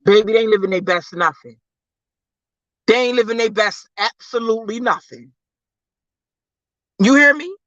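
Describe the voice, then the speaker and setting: Forceful preachy livestream host, dry sound. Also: dry recording, lo-fi sound. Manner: preachy, emphatic, repeats phrases, calls listeners baby; swings from low, slow murmurs to high, loud outbursts. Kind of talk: live faith-based motivational talk.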